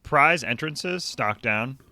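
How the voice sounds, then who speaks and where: A man's voice: medium pitch, lively intonation, takes it slowly, creaky, bright, forceful tone, no echo. A man co-hosting a book podcast in casual chat, blunt and profane with mock indignation. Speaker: podcast co-host.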